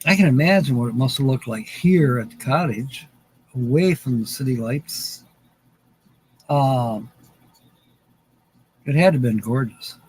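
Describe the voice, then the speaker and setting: A man's voice: medium pitch, expressive, unhurried, long pauses, a little mellow, breathy edge, rough recording. A man hosting a live stream, rambling casually with lots of fillers.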